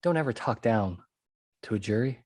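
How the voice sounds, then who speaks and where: A man's voice: fairly low pitch, expressive, normal speed, a little mellow, dry recording, clean studio sound. A man hosting a podcast monologue who talks emphatically, repeats his key points and keeps checking in with "okay?". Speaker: podcast host and trial consultant.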